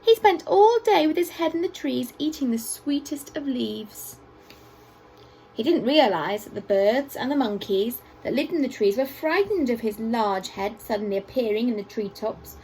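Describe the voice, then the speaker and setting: Expressive woman reading a storybook. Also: high voice, low-quality recording. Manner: expressive storytelling with playful asides to children. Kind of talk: reading a picture book aloud to children. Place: school assembly hall.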